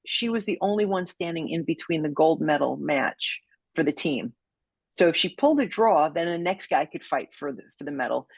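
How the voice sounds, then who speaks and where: A woman's voice: low-pitched, gravelly, breathy edge, no room sound. A woman, a judo sensei and podcast guest, telling a story vividly and acting out the quotes.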